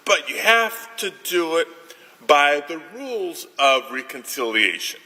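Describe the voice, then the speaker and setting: A man senator giving a formal floor speech in a deliberate, indignant manner, recorded in a reverberant legislative chamber. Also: fairly high pitch, big pitch swings, sharp tone.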